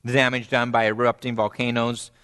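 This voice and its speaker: A male pastor delivers a sermon at a middle pitch. He tells the story with animation, jumping high in pitch when he acts out quoted voices and dropping low and quiet when he repeats key phrases. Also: little pitch movement, a little fast, smooth.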